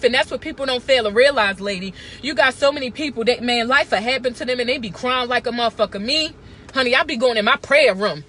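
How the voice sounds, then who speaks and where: A woman's voice: a little high, fairly bright tone, a little hiss or hum. A woman, talking to camera in a blunt, profane, emphatic casual rant. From Baltimore. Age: 30s. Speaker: vlogger.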